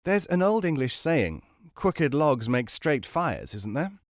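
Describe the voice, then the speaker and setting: A man voicing a smooth, unflappable con man with a breezy, clubby manner. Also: on the high side, big pitch swings, takes it slowly, no echo, clean studio sound, voice pushed up. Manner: breezy, jovial, clipped.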